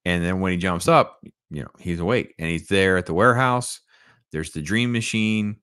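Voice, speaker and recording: A man's voice: sits low, animated, measured pace, a bit bright, no room sound, studio quality. A male host giving an enthusiastic, casual review of an old cartoon episode, often checking in with the listener. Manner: enthusiastic, keeps checking in with "right?".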